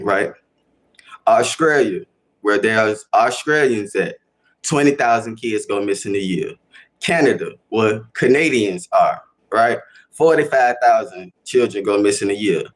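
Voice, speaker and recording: Animated slangy man on a livestream. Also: lowish voice, measured pace. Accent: Chicago. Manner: slangy, animated, repeats himself. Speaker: livestream host. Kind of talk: casual livestream talk to chat.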